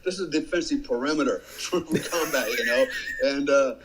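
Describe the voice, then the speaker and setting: A man's voice: medium pitch, moderate pace, background noise. A man telling a casual war story as a podcast guest, swearing freely and acting out what others said. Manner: animated storyteller, acts out quotes, swears freely. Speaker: guest, former special forces soldier.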